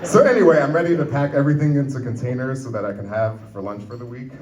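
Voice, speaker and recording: A man performs a stand-up set built on puns before a live audience. His voice carries a roomy echo, sounds set back from the mic, and a lively crowd is clear behind him. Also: medium pitch. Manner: telling a story with punchlines, doing quick voices for relatives. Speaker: stand-up comedian. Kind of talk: pun-filled stand-up routine. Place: comedy club stage with an audience. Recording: roomy club recording from far off, loud crowd.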